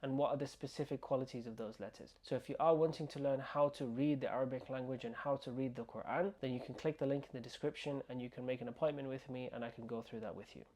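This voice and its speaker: A man teaching an online language lesson, slowly repeating words and sounds for the learner to copy. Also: medium pitch, steady tone, darkish tone. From United Kingdom. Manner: slow, repeating words and sounds to drill pronunciation. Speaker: Arabic teacher.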